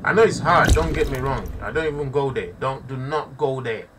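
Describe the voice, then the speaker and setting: A man's voice: mid-range voice, normal speed, distant mic, noisy background. A man giving impassioned live commentary to his audience, preaching and repeating himself, often calling listeners family. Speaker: online preacher.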